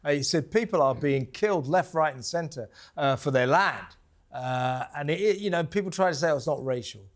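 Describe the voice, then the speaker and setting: A man hosting a talk show, telling stories in a casual studio chat, halting with fillers and restarts. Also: on the high side, lively intonation.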